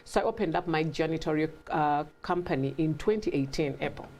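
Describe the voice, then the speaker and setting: A middle-aged woman with a blend of African and British in her accent tells her story in a relaxed interview. Her voice sits a little low, and she brings the people she quotes to life as she talks. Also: brisk. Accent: African mixed with British. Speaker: guest. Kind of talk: conversational interview.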